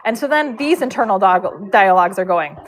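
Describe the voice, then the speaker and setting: A woman recounts a story on a casual livestream. Her delivery is animated and rambling, and she often fills pauses with "um" and "like". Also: medium pitch, slight background noise, low-quality recording. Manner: animated, rambling, with frequent fillers. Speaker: horse braider and live streamer.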